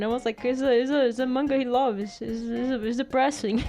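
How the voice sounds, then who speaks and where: A woman's voice: a little high, steady tone, fairly quick, warm tone, faint music behind. A woman streamer chatting casually while drawing, rambling through stories with lots of giggles and acted-out quotes.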